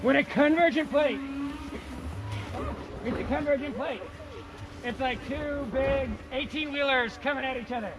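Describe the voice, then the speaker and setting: A male science teacher giving a playful, energetic hands-on lesson outdoors in the snow, repeating key words. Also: very high-pitched, measured pace, long pauses.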